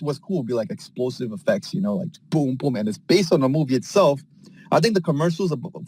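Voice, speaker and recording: Rambling excitable man pitching ideas. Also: slightly rough, rough recording. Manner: rambling, excitable storytelling full of fillers and slang. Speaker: space participant. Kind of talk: casual chat. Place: parked car.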